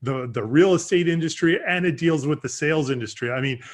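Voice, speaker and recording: A man's voice: fairly high pitch, fairly quick. A man hosting a casual interview, talking in an enthusiastic, rambling way with lots of restarts. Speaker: podcast host.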